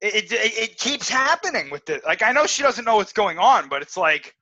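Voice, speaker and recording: A man's voice: sits high, big pitch swings, a little fast, bright, forceful tone. A man co-hosting a casual podcast chat, talking in a chatty way with lots of fillers. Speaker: podcast co-host. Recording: dull lo-fi audio.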